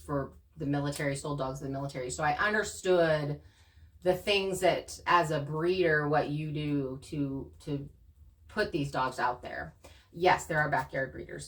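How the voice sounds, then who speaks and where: A woman co-hosting a channel, casually talking through her experiences in an earnest, animated way. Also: low-pitched, far from the mic. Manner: earnest, animated storytelling with laughs. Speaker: channel co-host. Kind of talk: casual conversation.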